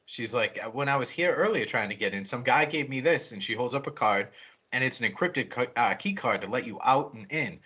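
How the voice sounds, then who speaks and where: A man co-hosting a podcast in casual chat, excitedly retelling a movie plot with lots of swearing and acted-out quotes. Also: mid-range voice, fairly quick, breathy edge, muffled recording. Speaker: podcast co-host reviewing a horror movie.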